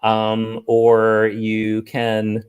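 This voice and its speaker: A man's voice: on the low side, completely flat delivery, darkish tone, clean tone, muffled recording. A man hosting an online comedy show from home. He rambles and stops often, mocking himself as he goes. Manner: rambling, halting, self-mocking. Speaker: host. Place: home, on a livestream call.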